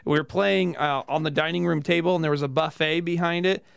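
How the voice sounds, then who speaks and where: A man hosting a comedy podcast, telling a childhood story in an animated, laughing way. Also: fairly high pitch, fairly quick, vocal fry, smooth. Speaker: podcast host. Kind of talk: casual comedy podcast chat.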